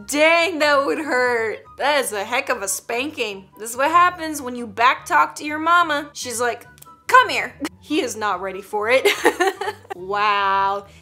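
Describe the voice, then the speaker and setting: A woman's voice: sits high, lively intonation, unhurried, sharp tone, faint music behind. A woman hosting a casual reaction video, joking and teasing with frequent giggles. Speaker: YouTube reaction host.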